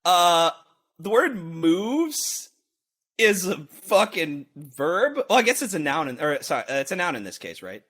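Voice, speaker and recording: Podcast co-host, man, bright high voice, lively rambling delivery. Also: normal speed, hardly any pauses. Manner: rambling, animated, breaks into sung and shouted bits. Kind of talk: casual podcast banter.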